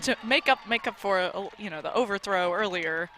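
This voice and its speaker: Bright-voiced female color commentator. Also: medium pitch, a little fast, a faint crowd. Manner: enthusiastic, agreeable analysis. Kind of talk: live sports commentary.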